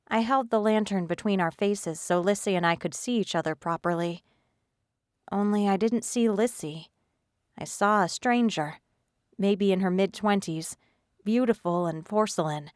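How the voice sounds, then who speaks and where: Smooth, low-voiced woman audiobook narrator. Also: a little slow, no echo, studio quality. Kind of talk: scripted first-person audiobook narration.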